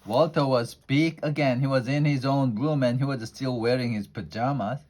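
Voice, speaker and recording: A man reading a children's picture book aloud in an unhurried way, with small slips and restarts. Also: mid-range voice, a little mellow. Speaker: storyteller.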